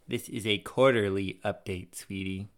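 A man's voice: fairly low pitch, fairly even intonation, moderate pace, smooth. A man co-hosting a casual podcast, with a dry, sardonic, teasing way of talking. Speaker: podcast co-host. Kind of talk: casual chat.

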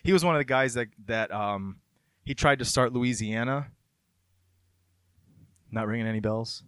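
Male host, mid pitch, relaxed storyteller, reads aloud between chat, dry recording. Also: normal speed, clear, resonant tone, no echo. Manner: loose, conversational storytelling that drifts into reading aloud. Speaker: podcast host telling a local legend.

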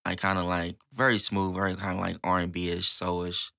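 Male co-host, low and gravelly, mellow soft delivery, dry studio mic. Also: completely flat delivery, moderate pace, dry recording. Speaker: podcast co-host. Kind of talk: casual chat.

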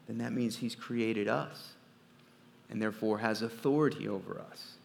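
A man preaching a sermon as pastor, swinging from quiet, low asides to loud, emphatic peaks. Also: normal speed, gravelly. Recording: long reverb of a large hall.

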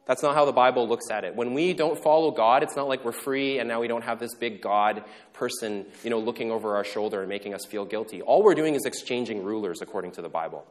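A male pastor delivers his sermon in an easygoing, conversational way, breaking off for jokes and quick questions to the room. His voice sits at an ordinary middle pitch. It carries a long reverb, as if it were recorded in a large church sanctuary. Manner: casual and joking, with quick asides and questions to the congregation.

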